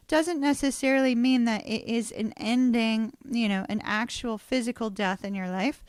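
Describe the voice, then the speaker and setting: A woman's voice: fairly high pitch, no room sound. Chatty woman reading tarot. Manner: chatty, storytelling, swears casually; laughs often. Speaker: tarot reader.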